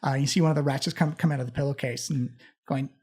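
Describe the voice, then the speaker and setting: A man running a tabletop game as game master, playful and quick to laugh. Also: medium pitch, fairly even intonation, darkish tone, slightly rough.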